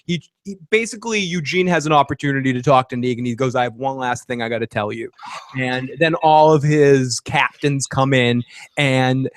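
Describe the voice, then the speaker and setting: A man's voice: medium pitch, dry recording, clean studio sound. A man hosting a casual live stream, laughing often and reading out viewer comments. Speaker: podcast host.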